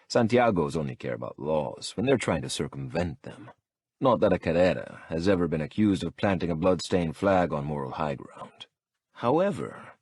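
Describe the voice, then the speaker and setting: Low, husky male audiobook narrator. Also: darkish tone, dry recording. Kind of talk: first-person audiobook narration.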